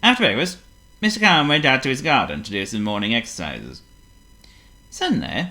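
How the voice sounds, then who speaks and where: A man reading a children's storybook aloud, theatrical and animated. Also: medium pitch, a little fast. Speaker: narrator.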